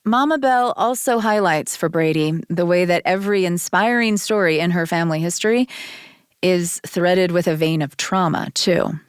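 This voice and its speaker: Brief: woman radio host, lowish voice, measured narration, dry booth. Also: clean tone, no room sound. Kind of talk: scripted narration and interviewing.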